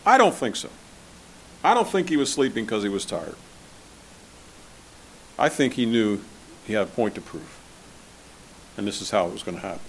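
A man preaching a sermon as pastor, conversational and asking his listeners questions, swinging between loud and soft. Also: fairly low pitch, slight background noise. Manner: conversational, asks the congregation questions.

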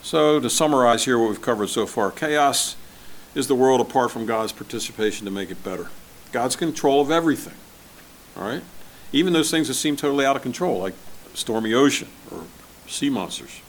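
A man preaching a sermon as pastor, conversational and asking his listeners questions, swinging between loud and soft. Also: medium pitch, animated, fairly quick, slight background noise. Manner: conversational, asks the congregation questions.

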